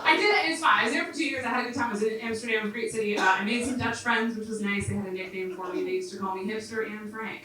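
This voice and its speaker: A woman's voice: mid-range voice, racing, hardly any pauses, heavy background noise. A woman from Canada with a Canadian accent doing a stand-up comedy set on stage, with dry, self-mocking asides. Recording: echoey club room from far off.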